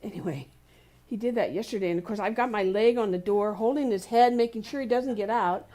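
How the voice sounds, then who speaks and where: Woman of medium pitch for a conversational sermon, relaxed storyteller who laughs and acts out little voices. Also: brisk. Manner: warm anecdotal storytelling with laughs and playful quoted voices. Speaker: speaker at a spiritual community service. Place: community center hall.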